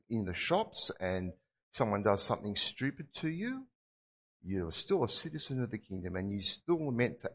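A man's voice: mid-range voice, big-room sound. A man preaching a sermon, earnest and repeating his key phrases for emphasis. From Australia.

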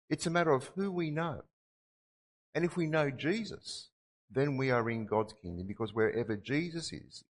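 A man's voice: fairly high pitch, long reverb tail. A man preaching a sermon, earnest and repeating his key phrases for emphasis. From Australia.

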